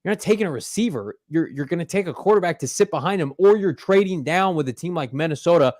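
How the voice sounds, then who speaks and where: A man's voice: on the high side, lively intonation, fast, a little mellow, no room sound. A man hosting a sports podcast, giving opinions in a punchy, emphatic casual chat from a studio. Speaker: podcast host.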